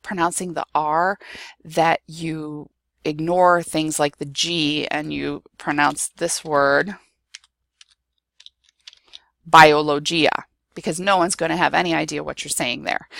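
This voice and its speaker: A woman's voice: low-pitched, gravelly, a bit bright, dry recording, clean studio sound. A woman with a Midwestern American accent, a Spanish teacher explaining pronunciation in a reassuring way, with many ums and okays. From United States. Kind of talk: recorded screen-share lesson.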